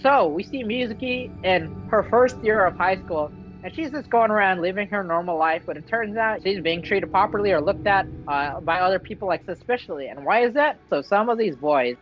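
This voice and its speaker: A vlogger casually recapping a game's story in an excitable, slangy way. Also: mid-range voice. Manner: excitable, slangy, acts out character quotes. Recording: dull lo-fi with faint music.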